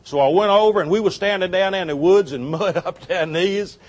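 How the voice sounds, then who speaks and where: A man with a notably high voice tells a church story as part of a sermon. He is a folksy, animated storyteller who chuckles often. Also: fairly quick. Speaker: church speaker on giving.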